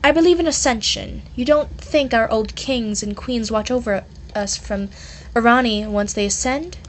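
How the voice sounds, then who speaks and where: A woman's voice: on the high side, moderate pace, slight background noise, lightly acted. A woman doing an eager, devout young explorer. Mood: earnest.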